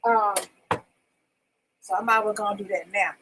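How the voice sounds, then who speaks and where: A woman's voice: mid-range voice, steady tone, moderate pace, fairly bright tone, slight background noise, low-quality recording. A woman hosting a casual livestream from home, chatty and repetitive as she calls her viewers in, itchy from poison ivy. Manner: chatty, repetitive call-outs to the audience. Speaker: livestream talk show host. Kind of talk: casual live-stream chat with viewers. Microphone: desk microphone.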